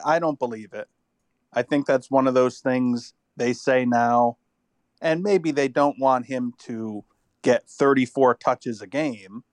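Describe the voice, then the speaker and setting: A man's voice: medium pitch, a little mellow, no room sound. A man co-hosting a casual football podcast, rambling and thinking aloud, tired after an illness. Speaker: podcast co-host. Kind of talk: casual sports chat.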